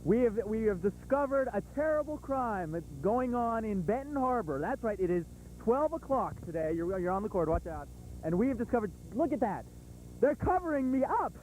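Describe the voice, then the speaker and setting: A man clowning on camera, delivering a deadpan parody news report and then a mock outraged rant. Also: high voice, normal speed, slight background noise, rough recording. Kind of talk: mock-dramatic joke report.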